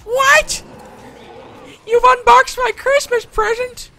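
A woman's voice: sits high, very animated, slow, a bit bright, a little hiss or hum, voice pushed up, heavily acted. Woman doing a whiny, clingy son. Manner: pleading, whiny.

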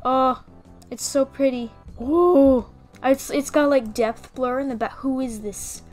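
A young woman giving casual, playful commentary as she plays a game, excitable and full of gasps and mock panic. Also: high voice, slow pace, faint music behind. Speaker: gaming video creator.

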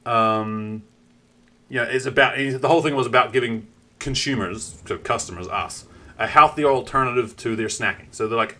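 Bright-voiced New Zealand man, swearing. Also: medium pitch, normal speed. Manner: animated storytelling, swears often. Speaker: streamer. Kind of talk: casual live-stream chat.

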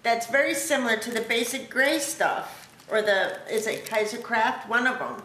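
A woman vlogger opening a craft package at home, gushing with thanks in a casual, excited chat. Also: fairly high pitch, normal speed, few pauses. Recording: echoey room with background noise.

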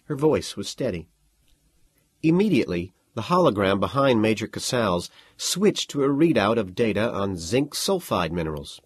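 A man narrating an audiobook in an expressive, lively storytelling manner. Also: lowish voice, moderate pace, slightly rough, no room sound. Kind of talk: scripted narration.

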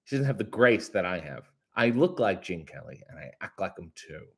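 A man hosting a casual live stream, reading viewer comments aloud in a brighter voice and answering with crude, sarcastic, mock-grumpy asides. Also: low voice, big pitch swings, moderate pace, husky. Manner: reads comments in a brighter, louder voice.

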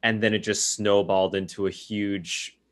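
Animated man co-host spinning theories. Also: on the low side, normal speed. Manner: animated storytelling with many restarts. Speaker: podcast co-host. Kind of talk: casual podcast banter.

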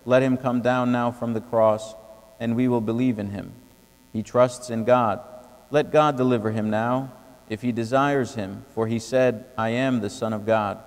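Man reading scripture in a cathedral. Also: smooth. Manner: steady, even reading with little pitch movement. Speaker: reader. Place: large cathedral. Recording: long cathedral reverb.

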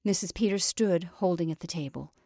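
Brief: female storyteller, low and measured, dry studio read. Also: a little mellow, no echo. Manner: measured, dramatic narration. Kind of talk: story reading aloud.

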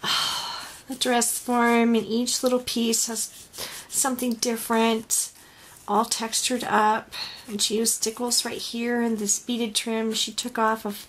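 A woman's voice: a little high, level tone, slow, a bit bright. A woman crafter unboxing a handmade gift in a casual home vlog, gushing and emotional with many sighs and exclamations. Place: home craft room with dog nearby.

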